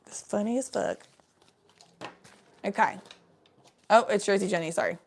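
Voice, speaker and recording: A woman's voice: medium pitch, moderate pace, creaky, pauses often, slight background noise. A woman chatting casually on a live stream, giving a tarot reading in a rambling, swearing way.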